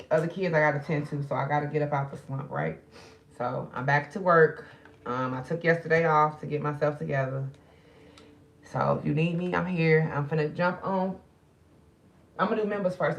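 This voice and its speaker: Low-voiced grieving woman chatting on a livestream. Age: middle-aged. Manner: loose, chatty, talking to viewers directly. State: grieving, subdued. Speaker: spiritual reader streaming live. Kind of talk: casual livestream chat.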